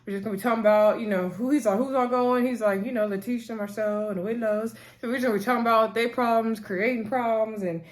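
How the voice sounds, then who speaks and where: A woman's voice: on the high side, steady tone, fast, hardly any pauses. Chatty woman recapping a reality show. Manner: chatty, retells scenes in quoted back-and-forth; sassy asides addressing cast as "girl". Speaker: TV recap vlogger. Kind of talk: casual recap chat.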